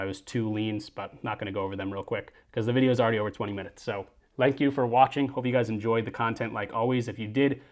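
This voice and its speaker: A man hosting a sports betting picks show, running quickly through his bets and plugging promo codes. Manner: brisk, upbeat sign-off pitches. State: out of breath. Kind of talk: fast betting picks rundown.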